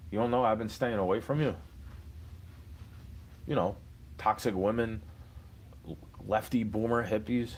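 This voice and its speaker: A young adult man delivers an angry, profane ranting monologue, confronting an imagined listener. His voice is mid-range, and there is a little hiss or hum on the recording.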